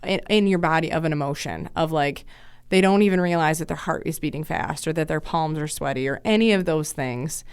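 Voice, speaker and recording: Low, gravelly-voiced woman counselor. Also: brisk, no echo. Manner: chatty, explains with everyday examples. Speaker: child and adolescent counselor. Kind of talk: casual podcast interview.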